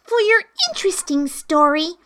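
A woman voicing a polite, curious young girl in a high, wondering voice. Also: expressive, moderate pace, sharp tone, a little hiss or hum, exaggerated voice.

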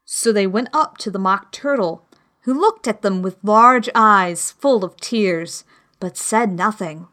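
A woman reading a children's classic aloud as the narrator, slow and clear. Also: mid-range voice, a bit bright. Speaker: audiobook reader. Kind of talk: storybook narration.

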